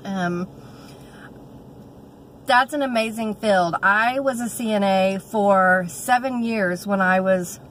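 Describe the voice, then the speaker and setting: A vlogger in her thirties with a drawl chats casually and warmly to viewers from a car, phone at arm's length, faint vehicle noise behind her. She pauses on fillers and restarts often; her voice is medium-pitched and fairly bright, and the audio is poor.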